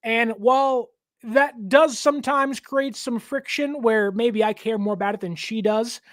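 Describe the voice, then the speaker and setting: A young man hosting a casual sports talk show, given to animated joking rants. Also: very high voice, unhurried, dry recording, clean studio sound. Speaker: show host.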